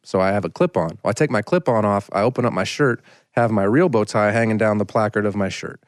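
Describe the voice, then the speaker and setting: A man in his thirties with a somewhat low voice tells a rambling story on a podcast and fills his sentences with "like". The sound is close and dry, with no room around it. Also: fast talker, no echo. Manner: rambling, anecdotal, frequent "like" fillers. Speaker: singer-songwriter guest. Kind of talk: casual storytelling in a podcast interview.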